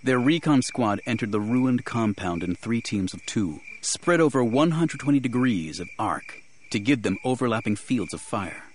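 A man giving measured, grave first-person audiobook narration. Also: mid-range voice, animated, a little hiss or hum.

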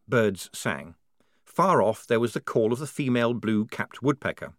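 Male narrator, wry storybook reading, animated intonation, dry close sound. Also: fairly low pitch, moderate pace, dry recording. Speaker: audiobook narrator.

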